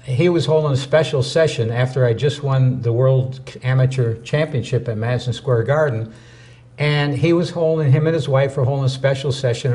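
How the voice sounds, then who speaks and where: A man co-hosting a talk show, telling a story in an animated, anecdotal way. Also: mid-range voice. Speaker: co-host.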